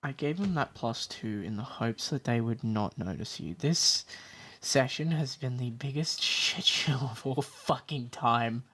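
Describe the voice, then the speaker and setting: A man's voice: medium pitch, measured pace, sharp tone, breathy edge. A man running a tabletop game over voice chat, talking casually and swearing. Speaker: game master.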